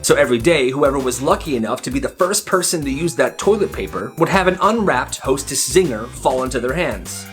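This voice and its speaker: A man narrating funny school stories in a lively, hyped-up storytime style. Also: medium pitch, a little fast, few pauses. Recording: faint music behind.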